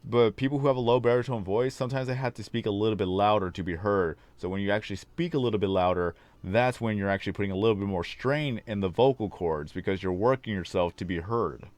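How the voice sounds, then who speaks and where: Male livestream host, low baritone, a little hoarse, rambling chat, close and dry mic. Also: quick pace, hardly any pauses, darkish tone, dry recording. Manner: rambling, talks on long tangents. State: slightly hoarse, losing his voice. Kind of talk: casual livestream chat with viewers. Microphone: desk microphone.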